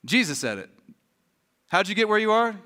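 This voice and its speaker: Young pastor guy preaching, high bright voice, acts out all the characters. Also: moderate pace. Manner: animated storytelling, acting out voices. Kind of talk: sermon.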